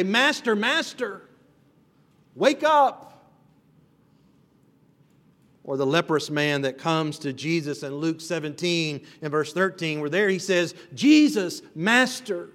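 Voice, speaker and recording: A pastor preaches an expository sermon in a high-sitting, fairly bright voice, captured with the long reverb of a hall. He is earnest and builds emphasis through repeated phrases.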